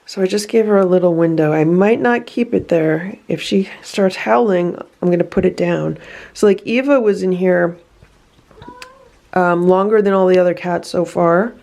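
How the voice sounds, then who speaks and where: A woman vlogging about rescue cats, switching between calm explanation and soothing sing-song talk to a nervous cat. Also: lowish voice, normal speed, vocal fry. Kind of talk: casual vlog narration and talking to cats. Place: indoors in a room with cats.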